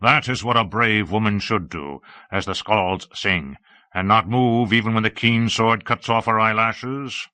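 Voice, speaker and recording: A man voicing a bold, gruff male Norse raider chief in an audiobook reading, speaking deliberately. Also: fairly low pitch, sharp tone, no echo. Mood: commanding.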